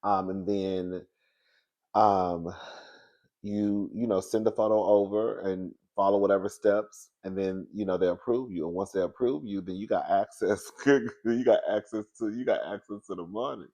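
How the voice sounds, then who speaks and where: Man, sassy gossip host, animated, frequent laughter. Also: on the low side, moderate pace. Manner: animated, sassy, laughs often, calls listeners girl and baby. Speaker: commentary show host. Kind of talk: casual gossip commentary.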